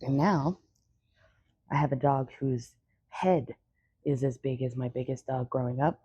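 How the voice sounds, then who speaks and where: A woman's voice: extremely low pitch, fairly even intonation, unhurried, mellow, breathy edge, dry recording, dull audio. A young woman chatting casually in a vlog, rambling and swearing freely. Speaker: vlogger. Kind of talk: casual chat.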